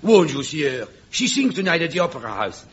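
An actor playing an incredibly tiny, earnest male sidekick in a radio comedy sketch, with a squeaky, pleading voice. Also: very animated, a little fast. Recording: dull old radio broadcast with loud hiss.

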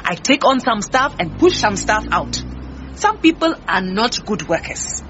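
An actress playing a proud, defensive head cook who talks brusquely. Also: female voice, medium pitch, big pitch swings, measured pace, over music. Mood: indignant. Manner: brusque, indignant. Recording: muffled with faint hiss.

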